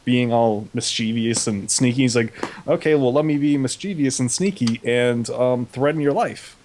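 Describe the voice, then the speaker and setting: Brief: young male co-host, casual comedic recap, slangy offhand delivery, mid-pitched voice. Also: normal speed, darkish tone, a little hiss or hum. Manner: goofy paraphrasing with slangy quoted voices.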